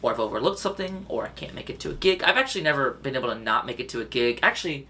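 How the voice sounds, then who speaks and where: A man co-hosting a podcast, telling quick, animated anecdotes in casual chat. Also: mid-range voice. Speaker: podcast co-host.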